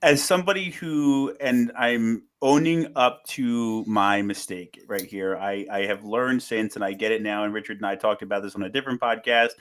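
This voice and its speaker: A man's voice: on the low side, fairly even intonation, normal speed, hardly any pauses. A man hosting a podcast in casual chat, talking earnestly and jumping eagerly into the conversation. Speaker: podcast host.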